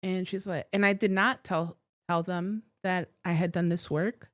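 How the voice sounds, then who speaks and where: A woman who works as a psychic and teacher shares a personal story as a guest in a casual interview, emotional and near tears, stopping and restarting haltingly. Her voice is lowish with fairly even intonation, and there's no echo.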